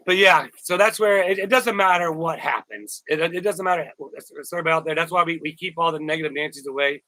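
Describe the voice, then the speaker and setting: A man's voice: fairly high pitch, a little fast, hardly any pauses, bright, forceful tone, no echo, rough recording. A man hosting a casual live stream, rambling, repeating words and thanking viewers by name. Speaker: YouTuber live-stream host.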